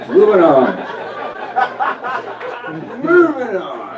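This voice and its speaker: A middle-aged man doing a stand-up set, animated and jokey, with quick asides to the audience. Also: medium pitch, muffled recording. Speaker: stand-up comedian. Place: comedy club stage. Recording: echoey club, distant mic, crowd.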